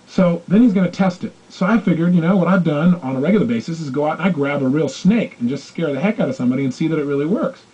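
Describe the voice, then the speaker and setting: A male motivational speaker who tells stories quickly and keeps his pitch swinging widely. His husky, mellow voice comes through a dull, lo-fi recording. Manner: animated, acts out quoted voices. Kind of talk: motivational storytelling talk.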